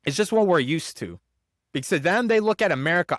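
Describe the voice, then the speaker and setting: Young male podcast host, slightly high voice, dry close sound, animated anecdote teller. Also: fast talker, no echo. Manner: animated storyteller, acts out quoted voices, many fillers. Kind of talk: casual storytelling chat.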